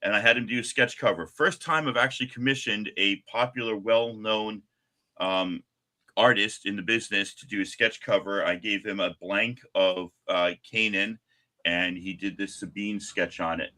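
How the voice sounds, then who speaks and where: A man in his fifties from Long Island, hosting a live stream and telling stories in a chatty, animated way. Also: lowish voice, normal speed. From Long Island, New York. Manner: chatty, animated, acts out what people said. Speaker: comic shop live stream host. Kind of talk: casual storytelling chat.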